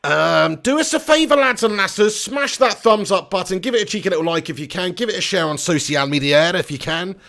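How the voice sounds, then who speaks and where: Talkative male streamer with a slightly high voice, banter-heavy commentary. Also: lively intonation, fairly quick, gravelly, hardly any pauses, bright, forceful tone. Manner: chatty, jokey, rambling, banter-heavy. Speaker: football watch-along streamer. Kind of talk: live match commentary and chat.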